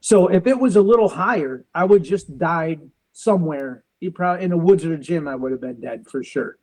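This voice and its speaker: A man in his forties, a veteran and police officer, tells a personal story in an interview, quoting others in quick back-and-forth exchanges. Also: fairly high pitch, a little mellow, rough recording. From United States. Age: 40s. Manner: quotes others in quick back-and-forth, uses car comparisons.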